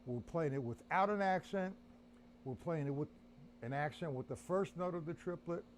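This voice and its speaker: A man's voice: fairly high pitch, normal speed, slight background noise. A man teaching drums on a live stream, counting beats aloud while he plays and chatting to viewers. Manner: chatty, addresses viewers as guys. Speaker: drum teacher. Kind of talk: live-streamed drum lesson.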